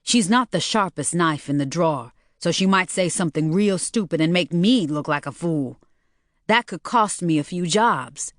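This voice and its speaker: Lady reading as a selfish bossy husband, dismissive and whiny, lowish voice. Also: animated, moderate pace, no echo, clean studio sound, lightly acted.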